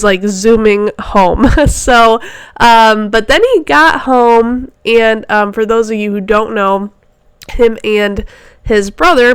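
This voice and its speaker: A woman's voice: medium pitch, smooth, no echo. A woman hosting her own podcast as a fitness coach, talking in a chatty, rambling way with lots of fillers. She sounds stuffy and nasal from a cold and gets a little short of breath. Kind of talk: casual solo podcast chat. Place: home office.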